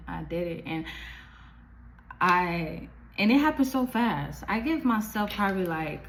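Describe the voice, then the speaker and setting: A young woman telling a personal story to camera in a chatty, animated way, full of fillers. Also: on the low side, unhurried, slight background noise, rough recording. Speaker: vlogger. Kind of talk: casual storytime.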